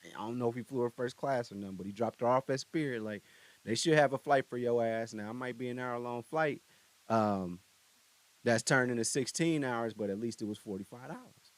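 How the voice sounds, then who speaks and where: A man's voice: mid-range voice, fairly quick. A young man hosting a podcast in a studio, telling a story in a laid-back, rambling, slangy way with lots of asides. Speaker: podcast host. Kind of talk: casual commentary.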